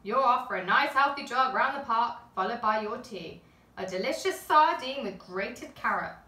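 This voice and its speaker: A woman's voice: a little high, animated, pushed and bright. A woman voicing a stern, bossy mother elephant in a read-aloud picture book. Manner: stern, brisk and firm. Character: bossy mother elephant on a strict diet kick. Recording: echoey room, camera at a distance.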